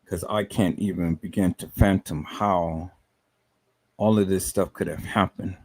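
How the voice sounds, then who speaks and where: A man's voice: low voice, steady tone, unhurried, darkish tone. A man hosting a livestream, talking emotionally and emphatically, repeating words and stammering as he addresses his viewers as "people". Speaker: live stream host.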